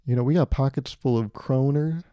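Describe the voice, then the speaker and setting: A man's voice: mid-range voice, normal speed, mellow, no echo, close to an everyday voice. A man voicing a friendly Norwegian waiter in a mock Norwegian accent. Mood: eager.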